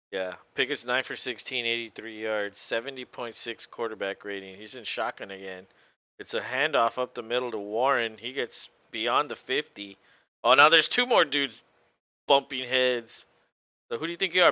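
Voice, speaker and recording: A man with a very bright, smooth voice calls the game play by play in a loose, joking way. He laughs a lot and curses freely. The audio is dull and lo-fi, like a home stream. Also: medium pitch, a little slow, dry recording. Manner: relaxed, laughs often, swears freely. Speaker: co-host doing play-by-play. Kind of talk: casual play-by-play commentary.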